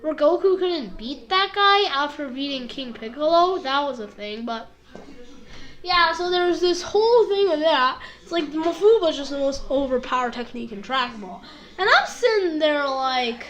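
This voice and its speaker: A woman with a high voice recaps an anime episode in a loose, rambling way. She leans on fillers and hops into snippets of dialogue as she goes. The tone is casual and chatty throughout. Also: sing-song, a bit bright. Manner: rambling, full of fillers and quick impressions. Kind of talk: casual video review.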